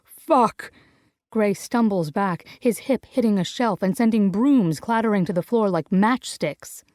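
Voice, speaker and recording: A young adult woman narrating a first-person romance audiobook in an intimate, even manner. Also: medium pitch, moderate pace, no echo, studio quality.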